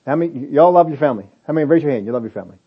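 A man's voice: on the high side, very fast, breathy edge. Preaching man, dull lo-fi recording. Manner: animated preaching, acts out quoted reactions. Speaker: pastor. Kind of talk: sermon.

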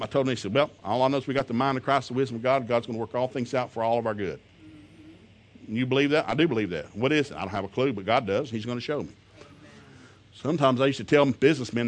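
Folksy, fervent male preacher. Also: mid-range voice. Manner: folksy, emphatic, builds to loud fervent peaks while quoting scripture; chuckles between lines. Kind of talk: sermon. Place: church service before a congregation.

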